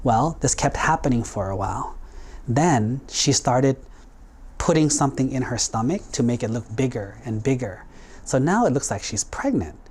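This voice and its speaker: A man's voice: medium pitch, lively intonation, moderate pace, a little mellow, husky. A male monk delivering a storytelling sermon in a loose, conversational manner. He drops in little acted quotes as he goes. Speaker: Buddhist monk.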